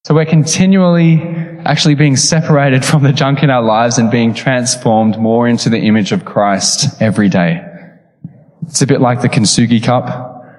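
A man's voice: mid-range voice, fairly even intonation, moderate pace, darkish tone. A man, preaching a sermon with casual storytelling and laughing asides. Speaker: pastor. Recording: echoey hall with long reverb.

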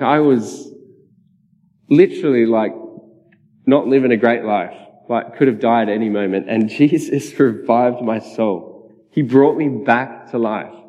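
A man's voice: medium pitch, mellow. A man, giving a personal testimony sermon in a casual, chatty way with frequent laughs. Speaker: preacher. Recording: dull, reverberant hall sound.

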